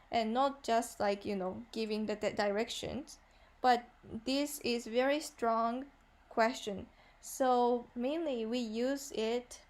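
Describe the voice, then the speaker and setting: A woman with a Japanese accent teaches a beginner class, her voice sitting a little high. She explains slowly and patiently, filling pauses with "uh" and repeating each example sentence. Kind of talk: online language lesson.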